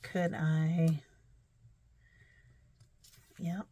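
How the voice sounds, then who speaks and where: Woman, crafting vlog, very slow unhurried talk, lowish voice, thinking aloud, faint hiss behind. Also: level tone. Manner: thinks aloud, self-deprecating, chatty asides. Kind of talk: casual crafting vlog narration.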